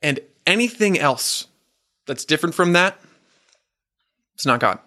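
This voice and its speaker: A married man preaching a sermon, earnest and emphatic, slowing down and questioning the audience. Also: on the high side, lively intonation, bright, forceful tone.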